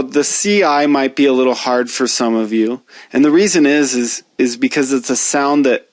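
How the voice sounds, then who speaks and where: A man teaching a pronunciation lesson, speaking slowly and deliberately as he demonstrates each sound. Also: mid-range voice, no echo. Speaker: language teacher.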